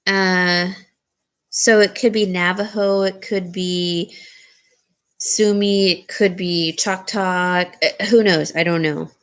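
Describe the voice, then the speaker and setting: A woman's voice: fairly low pitch, fairly even intonation, takes it slowly, smooth. A woman casually showing and describing jewelry for sale, rambling with frequent ums and restarts. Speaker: jewelry seller. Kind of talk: casual jewelry showcase talk.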